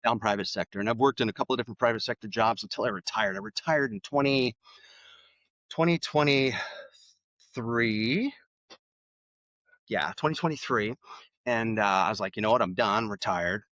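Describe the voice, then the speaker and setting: A middle-aged man with a low-pitched voice tells stories at an easy pace, his talk full of fillers and restarts. The recording is dry and slightly dull. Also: quick pace, few pauses, no echo. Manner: relaxed, with frequent fillers and restarts. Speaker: podcast guest. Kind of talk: casual interview storytelling.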